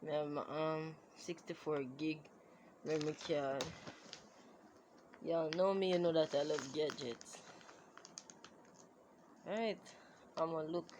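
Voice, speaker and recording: A woman, unboxing gifts in a casual vlog, excitable and exclaiming, recorded on a phone. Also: low-pitched, slow, pauses often. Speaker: vlogger. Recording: phone recording with clear background noise.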